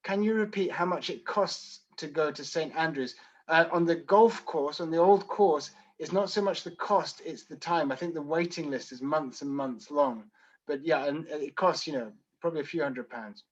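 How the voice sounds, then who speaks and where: A man from Scotland with a mild, London-softened Edinburgh accent, reading out audience questions and answering them briskly and dryly in an online Q and A. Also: on the high side, muffled recording. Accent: mild Edinburgh Scottish, softened by London. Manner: brisk, dry and wry, reading questions aloud then answering. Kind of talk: live online Q and A.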